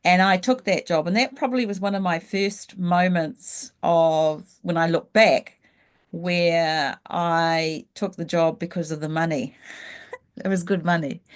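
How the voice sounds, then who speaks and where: A middle-aged woman, telling her story frankly and reflectively as an interview guest. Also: lowish voice. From New Zealand. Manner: frank and reflective, slows down when thinking back. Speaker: guest, leadership coach. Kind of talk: candid storytelling in a casual interview.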